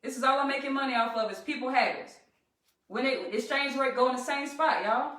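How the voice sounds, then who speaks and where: Southern woman, trading coach on a live stream, chatty and rallying, slightly high voice, distant and echoey. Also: a little fast, fairly bright tone. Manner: chatty, rallying, addresses viewers as y'all. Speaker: trading instructor. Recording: echoey room, distant from the mic.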